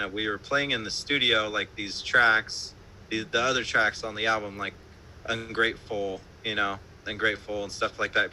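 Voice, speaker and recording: A man's voice: on the low side, sharp tone, a little hiss or hum, low-quality recording. A man, a band musician, telling stories in a casual interview over a live-stream call, loose and profane, full of fillers and laughter. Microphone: remote live-stream call.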